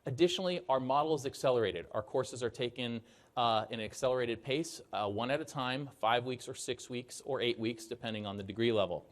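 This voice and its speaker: A man's voice: medium pitch, a little fast. A man from Arizona gives a conference presentation in an upbeat, joking, emphatic way. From Arizona, United States. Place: conference hall stage.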